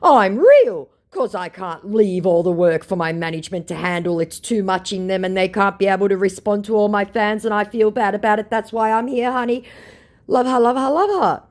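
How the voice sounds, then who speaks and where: A man's voice: high-pitched, normal speed, voice pushed up, close to an everyday voice. A woman voicing a fawning male scammer posing as a star, with clumsy broken phrasing. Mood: gushing.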